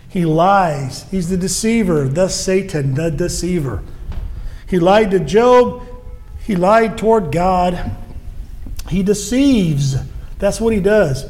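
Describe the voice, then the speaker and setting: A man's voice: sits high, animated, slow, a little mellow. A man preaching a sermon in an earnest way, acting out quoted voices as he goes.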